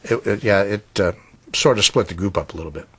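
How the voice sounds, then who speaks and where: A man's voice: on the low side, brisk, a bit bright, husky. A man in an interview, speaking in a hesitant, thoughtful way about the past. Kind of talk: reflective interview.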